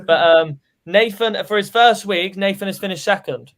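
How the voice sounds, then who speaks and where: A man's voice: high-pitched, fairly bright tone. A man from England co-hosting a casual football fan stream, joking and chatting with fillers. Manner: jokey, quick banter with fillers. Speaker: co-host. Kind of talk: casual fan podcast chat.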